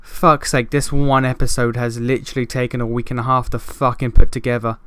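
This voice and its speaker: A man's voice: mid-range voice, level tone, a little fast, fairly bright tone, clear, resonant tone, no echo. A man commenting on a video game he is playing, frustrated and swearing, rambling with many restarts. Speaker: gaming video host. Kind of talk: let's play commentary.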